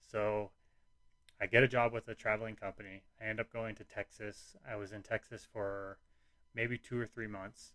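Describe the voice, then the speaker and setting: A young man with a somewhat low voice talks through his own story in a loose, rambling way, slipping into quoted lines of other people as he goes. The sound is close and dry, with no room around it. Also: flat delivery, normal speed, long pauses, a bit bright, no room sound. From United States. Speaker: podcast host telling his own story. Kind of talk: candid personal storytelling.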